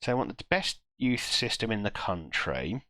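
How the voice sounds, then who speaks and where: A man streaming a football management game, reacting live with self-mocking groans and quick asides to chat. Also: on the low side, sing-song, sharp tone, dry recording.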